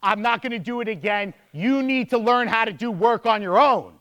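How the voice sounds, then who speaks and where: A man quoting his blunt, no-nonsense father in a flat, matter-of-fact way during a speech. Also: high voice, normal speed. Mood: stern.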